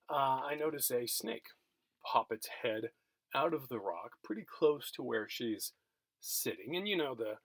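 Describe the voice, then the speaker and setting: A middle-aged male college geography instructor records a remote lecture at home, telling a story in a chatty, self-deprecating way full of fillers and restarts. His voice is medium-pitched and slightly bright, and the recording is dry.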